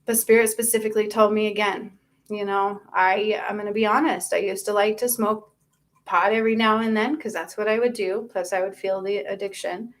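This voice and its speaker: A woman's voice: mid-range voice, fairly even intonation, brisk. A woman speaking as a spiritual channel host. She gives an earnest, confessional personal testimony and often stops and restarts mid-sentence. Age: adult.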